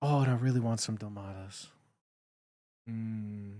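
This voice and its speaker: A man's voice: lowish voice, fairly even intonation, unhurried, dark tone, no room sound, clean studio sound. A young man streaming, chatting casually and rambling, with lots of fillers and restarts. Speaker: live streamer reading chat. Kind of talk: casual chat.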